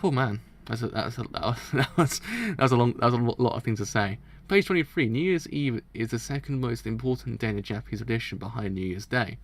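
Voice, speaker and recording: A man's voice: medium pitch, lively intonation, quick pace, vocal fry, hardly any pauses. A man hosting a manga reaction, reading notes aloud and chatting casually, often stumbling over words and correcting himself. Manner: chatty and self-deprecating. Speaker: manga reaction channel host.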